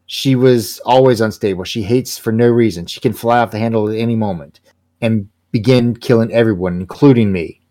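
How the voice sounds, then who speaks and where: A man doing a gruff, curt older mercenary. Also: lowish voice, a little fast, warm tone, natural voice. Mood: wary. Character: gruff, world-weary older male mercenary.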